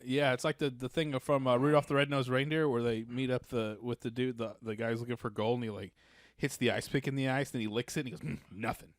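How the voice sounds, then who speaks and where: A man with an ordinary mid-range voice co-hosts a relaxed comedy podcast. He riffs along easily and chuckles at his partner's jokes. The sound is dry and close to the mic. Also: mid-range voice, no echo. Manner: laid-back, quick to laugh along. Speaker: podcast co-host. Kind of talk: casual comedic chat.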